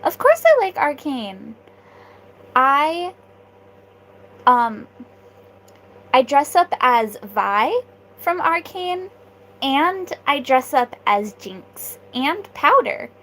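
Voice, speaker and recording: A woman's voice: sits high, very animated, extremely slow, long pauses, fairly bright tone, poor audio. A young woman streaming live, chatting with viewers in an offhand way and laughing often. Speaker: livestreamer. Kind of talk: casual livestream chat.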